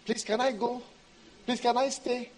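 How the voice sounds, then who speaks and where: A man's voice: very high voice, little pitch movement, measured pace, a little mellow, pitched above the performer's own voice. A man voicing a neglected wife who keeps begging her husband for favors, pleading over and over in a whiny way.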